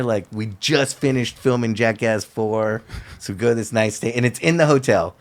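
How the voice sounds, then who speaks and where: A man sits in as a guest on a casual talk show and spins a story in relaxed, slangy speech. His voice sits at an ordinary middle pitch. He keeps slipping into the other people's lines to act them out. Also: normal speed. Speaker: podcast guest.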